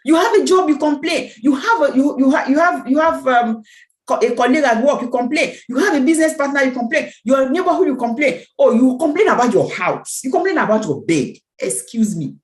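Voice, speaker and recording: A woman's voice: high-pitched, lively intonation, brisk, echoey room, rough recording. A woman speaking at a team meeting, giving an emphatic motivational talk with repeated phrases and a preacher-like cadence. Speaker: network marketing team speaker.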